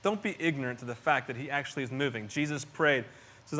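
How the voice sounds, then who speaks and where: A middle-aged pastor preaches a sermon in an earnest, conversational way, often restarting phrases and swinging between soft and loud. His voice is medium in pitch and his pace is quick.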